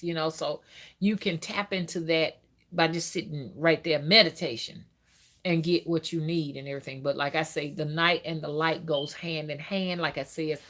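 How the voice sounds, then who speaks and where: A woman's voice: deep voice, fairly bright tone. A woman hosting a casual spiritual live stream, talking loosely with many fillers and reading out viewer comments.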